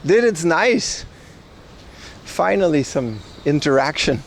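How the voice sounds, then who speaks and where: Riding a bike along city streets, a livestream host in his 30s chats casually, wandering in his talk and replying to viewers. He sounds high-pitched and animated but speaks slowly, with slight background noise.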